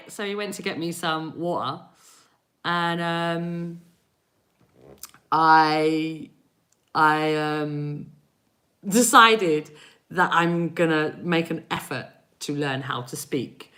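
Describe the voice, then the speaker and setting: A woman's voice: fairly low pitch, slow, long pauses, sharp tone. Chatty English woman in her forties. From England. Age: 40s. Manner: chatty, laughs often, talks to viewers. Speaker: energy reader doing live readings. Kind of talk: live-stream chat.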